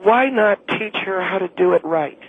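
A man voicing a blunt, condescending middle-aged woman who runs a homeowners' association and calls into a talk show. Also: normal speed. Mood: pushy. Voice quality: high, gravelly. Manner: condescending, pushy, tactless. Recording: tinny phone line.

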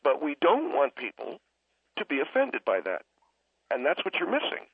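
Brief: patronizing male caller, slightly high voice, heard over a tinny phone line. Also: normal speed, breathy edge, dry recording. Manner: condescending, keeps interrupting to calm the host. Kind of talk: radio call-in argument.

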